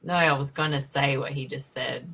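A woman co-hosting a podcast, chatting casually over a movie, blunt and quick to swear and laugh. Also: very deep voice, steady tone, creaky, a bit bright, slightly rough. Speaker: podcast co-host. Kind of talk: casual movie commentary chat.

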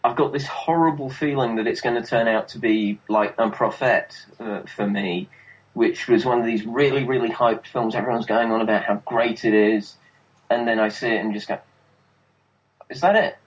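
A man's voice: fairly low pitch, steady tone, normal speed, poor audio. A man in a casual film review chat, wary and skeptical.

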